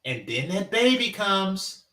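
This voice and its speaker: Guy ranting on his commentary channel, high bright voice, jumps all over the place. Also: big pitch swings, slow pace. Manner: ranting, mocking, repeats his points. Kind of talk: reaction commentary.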